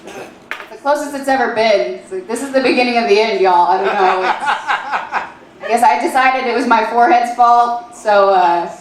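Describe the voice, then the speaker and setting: A woman in her late twenties doing stand-up, with a halting, filler-heavy deadpan delivery. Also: a little high. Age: 20s. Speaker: stand-up comedian. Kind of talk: stand-up comedy set. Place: comedy club stage. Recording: echoey club room.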